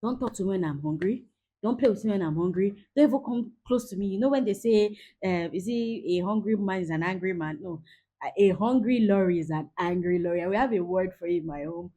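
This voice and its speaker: A woman in her forties giving a lively parenting talk, acting out everyday scenes as she coaches. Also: mid-range voice, fairly quick. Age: 40s. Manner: lively, acts out scenes with quoted voices.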